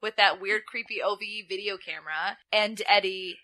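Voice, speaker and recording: A woman's voice: mid-range voice, moderate pace, dry recording. A young woman co-hosting a podcast, chatting casually and retelling scenes with playful acted-out quotes. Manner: animated storytelling, acts out quotes in playful voices. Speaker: podcast co-host. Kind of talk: casual chat recapping wrestling.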